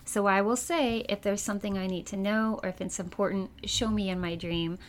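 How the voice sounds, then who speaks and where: A woman speaking as a psychic medium in a casual interview, telling her stories in a chatty, animated way and laughing often. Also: mid-range voice, fairly quick, slight background noise.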